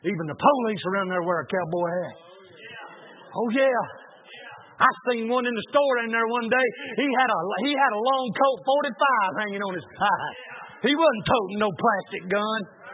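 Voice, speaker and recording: A man preaching a sermon in a folksy, colloquial storytelling way. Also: very high voice. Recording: narrow phone-like sound.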